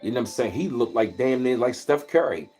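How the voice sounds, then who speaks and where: A man's voice: medium pitch, expressive, fairly quick, a little mellow, slightly rough. A man talks loosely and at length on his own livestream, drifting through easygoing stories in a mid-range voice. Now and then he stops to greet viewers by name. Faint music plays behind him. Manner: rambling, laid-back storytelling, greets viewers in between. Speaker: livestream host. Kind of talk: casual livestream chat. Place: at home, where he lives in Maryland.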